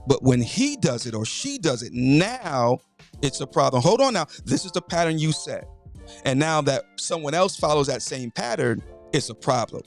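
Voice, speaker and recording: A man's voice: mid-range voice, very animated, normal speed, creaky, faint music behind. A middle-aged man hosting a morning inspiration livestream, preacherly and casual, greeting viewers by name and repeating his phrases.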